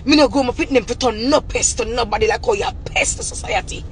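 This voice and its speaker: A woman's voice: a little high, fast, a little hiss or hum. A woman with a Jamaican Patois accent delivering an angry, profane, repetitive rant straight to camera. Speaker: vlogger.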